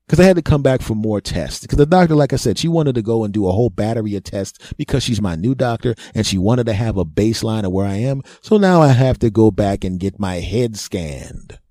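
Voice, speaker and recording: A man's voice: fairly low pitch, animated, moderate pace, mellow, no echo, studio quality. A man telling a comic personal story, mocking himself and laughing at his own jokes. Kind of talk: comedic storytelling monologue.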